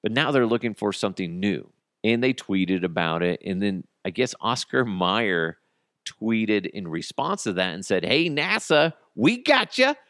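A man in his thirties hosting a podcast, ranting crudely and comically with sudden jumps in pitch. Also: normal speed, dry recording, studio quality. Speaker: podcast host. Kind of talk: casual comedic monologue.

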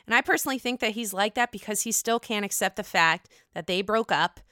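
A woman's voice: mid-range voice, a little fast, bright, forceful tone, no room sound, studio quality. A woman with a Pittsburgh accent hosting a casual gossip podcast, candid and profane, with a sore throat. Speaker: podcast host. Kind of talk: casual reality-TV gossip chat.

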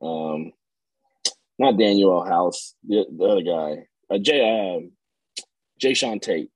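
A man with a low, husky voice talking basketball in a relaxed podcast conversation. He rambles and circles back on his words, earnest rather than polished. The sound is close and dry. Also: takes it slowly, no echo, poor audio. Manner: rambling, many fillers and restarts, earnest. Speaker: podcast co-host. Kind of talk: casual sports chat.

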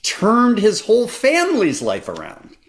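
A man's voice: high-pitched, wildly swooping pitch, measured pace. A man co-hosting a podcast, recapping a story earnestly and emphatically in casual chat. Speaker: podcast co-host.

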